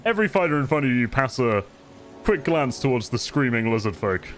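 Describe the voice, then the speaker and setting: A man at an average pitch narrates as game master, painting each scene in relaxed, vivid detail. Faint music sits underneath his voice. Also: a little fast.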